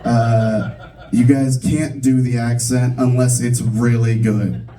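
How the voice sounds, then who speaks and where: Laid-back man doing stand-up, mellow, distant. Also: mid-range voice, little pitch movement, slow. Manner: casual, self-mocking, chatty with fillers. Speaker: stand-up comedian. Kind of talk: stand-up comedy set. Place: comedy club stage. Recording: distant room recording of a live set.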